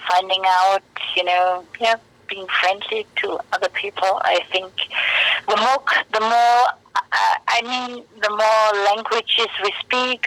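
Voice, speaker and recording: Swiss woman with a bright, gravelly voice. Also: mid-range voice, no echo, poor audio. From Switzerland. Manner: slightly uneven non-native English phrasing. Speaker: guest, customer. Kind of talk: casual conversation.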